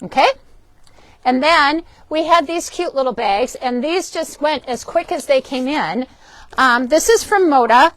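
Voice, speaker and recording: A woman hosting a shop's live quilting show, chatty and upbeat, often pausing with ums as she shows fabrics and books. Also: sits high, animated, fairly bright tone, no room sound. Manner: chatty, upbeat, frequent ums and self-corrections. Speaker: shop host presenting fabrics and books. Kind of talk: casual product demo for a live stream. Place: indoors in a fabric shop.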